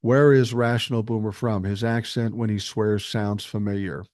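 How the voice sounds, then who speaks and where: A man talks through a casual livestream, reading viewer comments aloud and answering them. His voice sits fairly low, and he speaks bluntly and reasonably, swearing freely. The sound is dry and close, with no room echo. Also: steady tone, normal speed, darkish tone. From Minnesota, USA. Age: 60s. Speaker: podcast host reading live chat.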